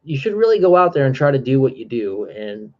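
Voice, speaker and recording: A man's voice: medium pitch, big pitch swings, a little fast, highs cut off. A man talking casually on his live stream, out of breath, earnest and rambling with many fillers and restarts.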